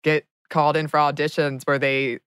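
A woman's voice: low-pitched, flat delivery, moderate pace, a bit bright, clear, resonant tone, no echo, clean studio sound. A woman co-hosting a podcast in a bubbly, enthusiastic casual chat. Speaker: podcast co-host, voice actor.

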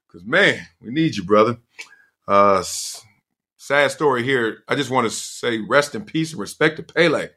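A middle-aged man hosts a casual podcast on his own, spinning stories with loose slang and frequent laughter. His voice is bright and forceful, and his pitch swoops lively up and down. He talks like he is chatting with old friends. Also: normal speed, slightly rough. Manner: animated storyteller, slangy, laughs often. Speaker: podcast host. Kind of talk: casual solo podcast monologue.

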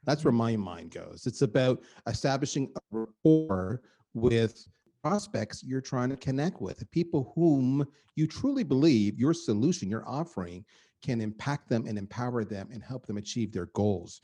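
A middle-aged man, a guest on a podcast, talking in an energetic and emphatic way and repeating words for effect. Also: mid-range voice, normal speed. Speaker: guest, marketing executive. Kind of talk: animated podcast conversation.

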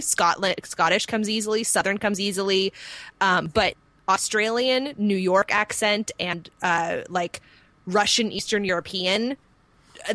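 Female panel guest, bright tone, animated conversational delivery. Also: dry recording. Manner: animated storyteller, jumps high when quoting others. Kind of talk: casual panel chat.

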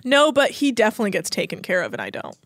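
A woman's voice: medium pitch, wildly swooping pitch, quick pace, a bit bright, dry recording, studio quality. A young adult woman co-hosting a podcast, recapping a reality show in a chatty, sarcastic way with lots of fillers. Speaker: podcast co-host.

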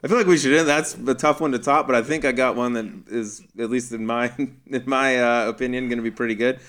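A man's voice: mid-range voice, fairly even intonation, fairly quick, a bit bright. A man hosting a casual chat, laughing along and asking a question. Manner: laughs along, eager reactions. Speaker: podcast host.

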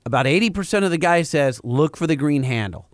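A man's voice: on the high side, lively intonation, fairly quick, no echo, studio quality. A man cohosting a podcast, rambling through a story and arguing his point casually. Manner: rambling, argumentative. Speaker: podcast co-host. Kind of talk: casual chat.

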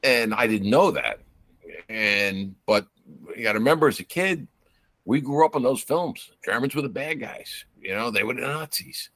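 A retired police officer guesting on a podcast trades anecdotes in casual chat, acting out the quoted dialogue as he tells them. His medium-pitched voice is lively and fairly bright, moving at a normal speed with no echo.

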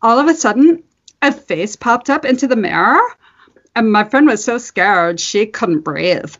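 A woman on a podcast voicing a dramatic young woman who tells a spooky story in a breathless, halting way. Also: on the high side, lively intonation, muffled recording. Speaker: podcast host.

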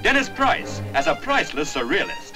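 A man's voice: high-pitched, sing-song, normal speed, over music. A man narrating a 1960s film trailer in a grand, declaiming manner, from an old film soundtrack.

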